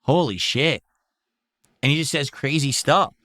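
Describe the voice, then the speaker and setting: A man's voice: fairly high pitch, unhurried, fairly bright tone, no echo, clean studio sound. A man streaming live, giving casual reaction commentary in an incredulous, exclaiming way.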